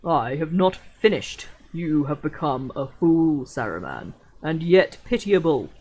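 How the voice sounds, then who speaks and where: Gandalf, a woman doing a stern deep old wizard. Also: very animated, a little slow, darkish tone, a little hiss or hum, heavily acted, rough recording. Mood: commanding. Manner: stern, commanding.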